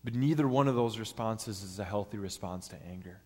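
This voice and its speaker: A man's voice: lowish voice, a little fast, a little mellow. A man preaching a sermon in an earnest, step-by-step teaching manner. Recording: long hall reverb.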